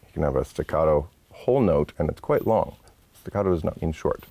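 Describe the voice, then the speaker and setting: Deep gravelly man teaching horn. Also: animated, fairly quick, mellow. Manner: patient, explanatory, casual asides. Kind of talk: instructional lesson. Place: studio set.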